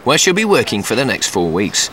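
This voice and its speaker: A man giving scripted documentary narration in a measured, matter-of-fact way. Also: mid-range voice, big pitch swings.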